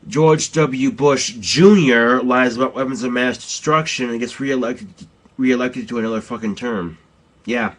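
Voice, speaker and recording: A man's voice: medium pitch, unhurried. A man ranting bluntly and profanely in a casual, rambling vlog.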